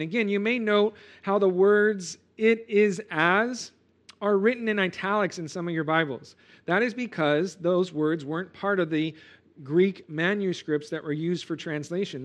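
A male pastor giving an expository sermon, animated and emphatic, often checking in with "okay?" and "right?". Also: sits high. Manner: animated, emphatic preaching with frequent "okay?" asides.

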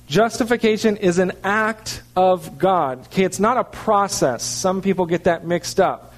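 A man's voice: sits high, measured pace. A man preaching a sermon, explaining scripture in an earnest teaching manner and checking in with his listeners. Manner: earnest teaching with frequent "okay" check-ins. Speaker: pastor.

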